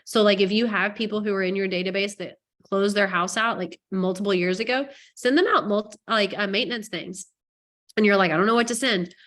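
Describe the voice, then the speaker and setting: A woman real estate coach giving a casual training presentation, chatty and joking as she rushes through her points. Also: mid-range voice, fairly bright tone.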